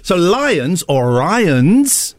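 A man's voice: high voice, very animated, drawn-out words, no room sound. A man hosting a radio show, joking and rambling playfully with his co-hosts. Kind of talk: casual on-air banter.

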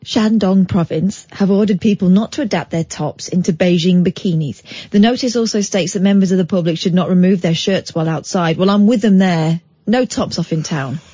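A woman co-host reading odd news items on the radio, breaking off into playful comments. Her voice is lowish, mellow and a little husky. The sound is dry and dull, lo-fi. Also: a little fast, few pauses, no echo. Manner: giggly, reads with playful asides.

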